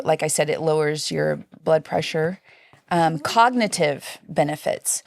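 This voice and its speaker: Lively low-voiced woman telling stories. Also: dry recording, studio quality. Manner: lively storyteller, acts out quoted voices. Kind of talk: casual interview chat.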